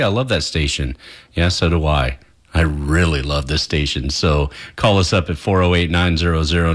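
A man's voice: deep voice, fairly bright tone. A man, a radio DJ doing a friendly, rambling pledge-drive talk with chuckles on a studio broadcast mic.

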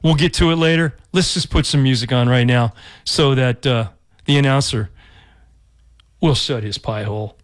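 A man's voice: medium pitch, moderate pace. A man hosting a community radio show in a studio, talking casually in a rambling, jokey way with restarts and laughs. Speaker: radio DJ host.

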